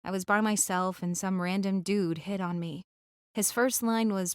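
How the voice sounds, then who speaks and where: A woman narrating a first-person romance audiobook in a gentle, intimate reading style. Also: medium pitch, fairly even intonation, moderate pace, clear, resonant tone, no room sound, clean studio sound.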